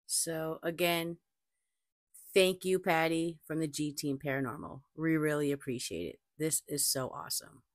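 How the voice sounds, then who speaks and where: A woman with a notably low voice chats to her viewers as host of her own channel, telling stories with animation and doubling back on her points. She talks into a desk mic, and the sound is close and dry. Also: normal speed, dry recording. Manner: chatty, animated storytelling, repeats herself. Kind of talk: casual chat to camera.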